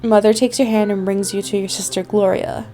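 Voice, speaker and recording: A woman's voice: medium pitch, fairly even intonation, a little fast, warm tone, soft background music. A young woman hosting a gaming video, reading the story text aloud with playful asides. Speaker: gaming channel host. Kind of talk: let's play narration.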